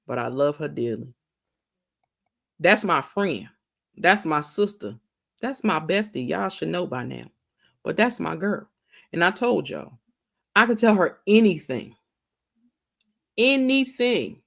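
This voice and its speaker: A woman's voice: fairly low pitch, big pitch swings, unhurried, creaky, long pauses. A woman hosting a casual livestream chat, greeting viewers by name and stretching her words out. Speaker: livestream host.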